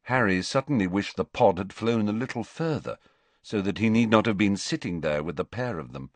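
Male audiobook reader, low and animated, dry close sound. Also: a little fast, no room sound. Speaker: audiobook narrator. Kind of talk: audiobook narration.

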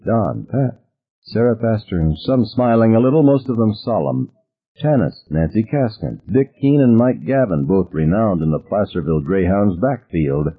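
Husky male narrator, phone-like audio. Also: lowish voice. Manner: vivid first-person storytelling, voices characters.

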